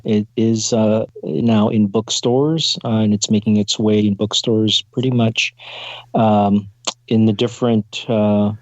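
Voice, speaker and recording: A male author talks on a radio show in a low voice, pausing often with fillers. The sound is dry and somewhat dull, with no room echo. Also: darkish tone. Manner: hesitant, many "uh" fillers. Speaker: author and spiritual counselor guest. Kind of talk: radio interview.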